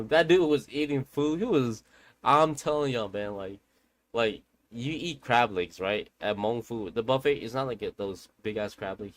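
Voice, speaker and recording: A man's voice: medium pitch, expressive, measured pace, no echo. Rambling, slangy male game streamer. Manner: loose, rambling, talks straight to viewers with slang and swearing. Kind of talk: casual storytelling during a game stream.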